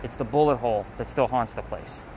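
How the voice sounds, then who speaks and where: A man runs a ghost tour out on a city street at night and rattles through his stories at a quick clip. He talks loosely, with fillers and the odd curse word. Faint traffic hums behind him. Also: medium pitch, dark tone, poor audio. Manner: fast, loose talker with swearing and fillers. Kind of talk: casual storytelling on a walking tour.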